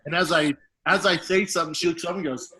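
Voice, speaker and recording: A man in his thirties with a bright, forceful voice that sits a little high for a man. He tells embarrassing stories in a loose, profane way, laughing through them as a podcast co-host. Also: steady tone, fast talker, poor audio. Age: 30s. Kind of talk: casual storytelling chat.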